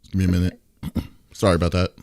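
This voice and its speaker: A man hosts a casual podcast, easygoing and often stumbling over fillers. His voice is a touch low. The sound is dry and close. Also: completely flat delivery, fast talker, darkish tone, smooth, dry recording. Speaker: host.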